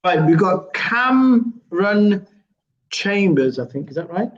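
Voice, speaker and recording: A high-pitched man hosts a live morning stream, rambling along with lots of ums and uhs. The sound is muffled and lo-fi, like a web call. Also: sing-song, slow pace. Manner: rambling, with many fillers. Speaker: host. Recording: dull lo-fi live stream audio.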